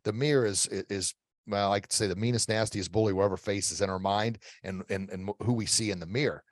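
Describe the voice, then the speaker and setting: A man's voice: on the low side, steady tone, fast, dry recording, studio quality. A middle-aged man speaking as a guest expert in an interview, giving emphatic motivational coaching advice with repeated phrases and frequent restarts.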